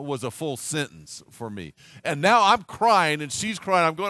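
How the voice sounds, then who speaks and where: Earnest storytelling man, lively pitch. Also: normal speed, hardly any pauses, no room sound. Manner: earnest storytelling with many restarts and acted quotes. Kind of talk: sermon storytelling.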